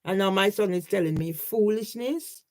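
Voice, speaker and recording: At a normal speed, an older vlogger's mid-range, slightly mellow voice comes through poor audio. She talks casually through her personal photos in a rambling, grieving, aggrieved way, again and again asking the listener "yeah?"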